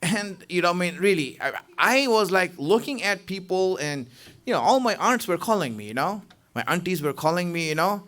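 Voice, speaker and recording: Lively high-pitched man giving a sermon. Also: normal speed. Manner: conversational, rhetorical questions, frequent "you know". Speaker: preacher. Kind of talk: Ramadan lecture.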